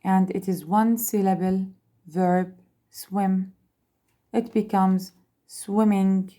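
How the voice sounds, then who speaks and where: A woman teaching an English grammar lesson, speaking slowly, repeating words and spelling out letters. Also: medium pitch, steady tone, warm tone. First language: Arabic. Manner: slow, repeats and spells out letters, switches into Arabic to explain.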